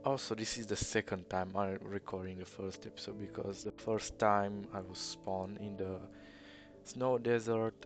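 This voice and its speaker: A man's voice: fairly low pitch, flat delivery, moderate pace, over music. A young man with an Eastern European accent, rambling through casual gameplay commentary in a hesitant, self-deprecating way. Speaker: let's player.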